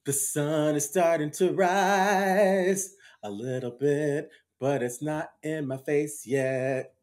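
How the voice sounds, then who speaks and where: A man's voice: on the high side, slow. A man co-hosting a theater podcast in casual, playful chat, laughing often. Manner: playful, giggly, animated. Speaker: podcast co-host, former accent teacher.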